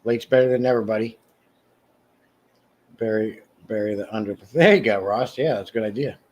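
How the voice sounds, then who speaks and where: A man hosting a casual livestream, answering viewers' comments by name in a rambling way with frequent restarts. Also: a little mellow. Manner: mock sales pitch, slow and emphatic. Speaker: livestream host. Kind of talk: casual live chat reading comments.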